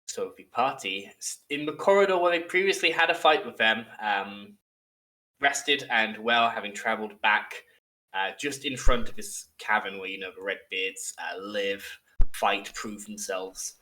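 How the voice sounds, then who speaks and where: A man hosting a tabletop game as dungeon master, narrating in a relaxed, measured way. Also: lowish voice, low-quality recording.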